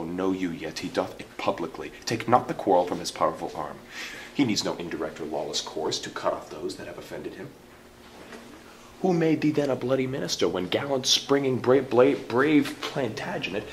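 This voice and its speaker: A man reading a desperate pleading duke. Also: slight background noise. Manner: impassioned, pleading, rising in pitch. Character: desperate imprisoned royal duke pleading for his life. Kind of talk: solo public Shakespeare reading. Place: large echoing stone church. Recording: roomy church echo, faint ambience.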